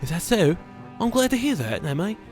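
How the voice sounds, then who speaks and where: A man's voice: very animated, brisk, over music. A man doing a posh British mother. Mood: polite. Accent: put-on British. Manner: mock-posh, raised pitch. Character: prim middle-aged mother, polite.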